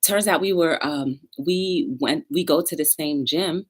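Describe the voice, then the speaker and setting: A woman hosting a live talk show, bubbly and excitable, a little out of breath. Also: low voice, unhurried, breathy edge. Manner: bubbly, excitable, sings and chants along. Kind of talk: upbeat live-stream chat.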